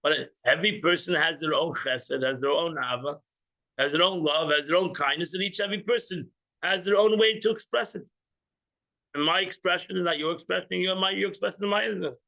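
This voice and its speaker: Bright high-voiced man teaching a class. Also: brisk, gravelly, poor audio. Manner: animated, joking, acts out little scenes. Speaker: religious teacher. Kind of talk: informal class with audience banter.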